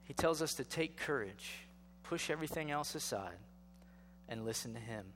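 A man's voice: medium pitch, expressive, normal speed, a bit bright, big-room sound, a little hiss or hum. A male pastor giving a sermon in a conversational style, asking rhetorical questions and building to emphatic exhortation.

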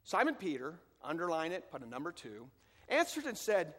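Male pastor, sermon, higher voice, emphatic then quiet reading, long hall echo. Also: very animated, normal speed. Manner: emphatic preaching that drops to quiet scripture reading.

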